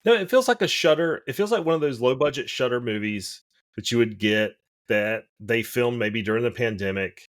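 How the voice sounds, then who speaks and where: A man's voice: mid-range voice, lively intonation, moderate pace. A man co-hosting a podcast in casual chat, rambling and opinionated, often restarting his sentences. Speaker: podcast co-host.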